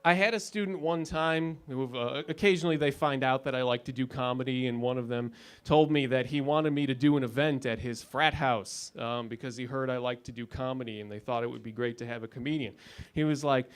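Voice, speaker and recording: A man's voice: medium pitch, brisk, clean tone. A man in his thirties doing a stand-up comedy set in a club lounge, with a dry, sardonic delivery and punchlines that build up. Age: 30s.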